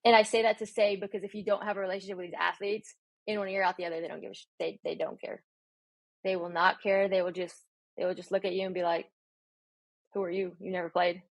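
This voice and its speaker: Quick-paced and creaky, this mid-range woman's voice belongs to a strength coach guesting on a relaxed podcast chat. She tells a story with energy, performing her own dialogue, and there's no echo.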